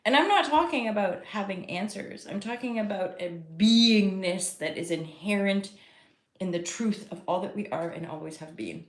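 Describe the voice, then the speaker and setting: A woman's voice: medium pitch, moderate pace. A woman giving a casual live tarot reading, rambling and chatty as she talks to her viewers. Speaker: tarot reader and host. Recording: roomy echo.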